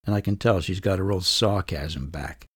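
A man's voice: deep voice, moderate pace, a bit bright, slightly rough, no room sound, studio quality. A middle-aged man hosting a podcast, telling a first-person story in a wry, conversational way. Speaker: podcast host and narrator.

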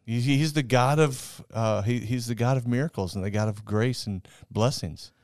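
A man asks interview questions with eager energy, often restarting mid-sentence. His voice is smooth and even, recorded dry and close. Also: mid-range voice, moderate pace, no room sound. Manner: enthusiastic, stumbles on restarts. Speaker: radio show co-host.

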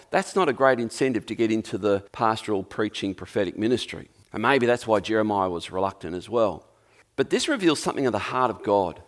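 A man's voice: lowish voice, expressive, a little fast. An Australian man preaching a sermon in a conversational, jokey storytelling manner.

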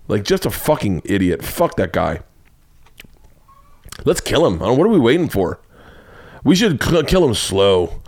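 A man's voice: medium pitch, moderate pace, pauses often. Profane, rambling male comedy podcast host. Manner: profane, rambling, animated storytelling. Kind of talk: casual comedic monologue.

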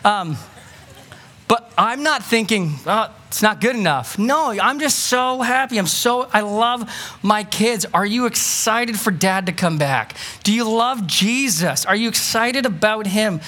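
A man preaching a sermon as pastor, earnest and pleading, moving from quick asides to slow, emphatic lines. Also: sits high, animated, pushed and bright. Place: church sanctuary.

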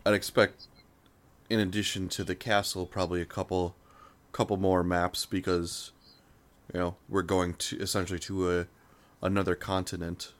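A man co-hosting a casual chat, easygoing and thoughtful, pausing with fillers as he builds on ideas. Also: low voice, flat delivery. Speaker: podcast co-host.

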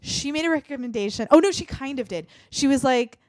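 A podcast host, she talks in a lively, swooping voice that climbs and drops as she rants. Her casual chat is emphatic and full of swearing. The sound is dry and close to the mic. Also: sits high, a little fast, dry recording. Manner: animated, emphatic ranting with frequent swearing.

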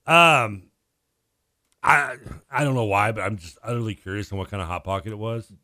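A man's voice: fairly low pitch, pushed and bright, no room sound, clean studio sound. A man co-hosting a sports radio show, firing off incredulous questions in casual chat. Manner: incredulous, rapid questions, frequent laughs and "I mean". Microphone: studio microphone.

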